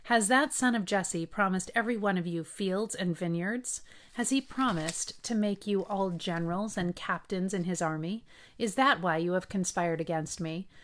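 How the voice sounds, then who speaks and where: A woman reading the lines of a furious, accusing old king, with shouted accusations. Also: lowish voice, normal speed, natural voice. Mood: angry.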